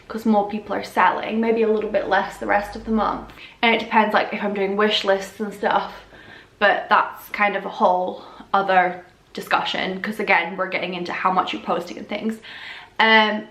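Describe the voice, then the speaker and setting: A woman with a slightly hoarse voice, chatting casually in a vlog, full of ums and self-corrections. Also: medium pitch, fairly bright tone. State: slightly losing her voice. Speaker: fashion influencer. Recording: echoey room.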